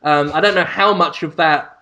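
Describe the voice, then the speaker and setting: A man hosting a casual comedy podcast, making wry, quick asides and laughing often. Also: fairly high pitch, bright, forceful tone, muffled recording. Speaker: podcast host. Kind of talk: casual chat.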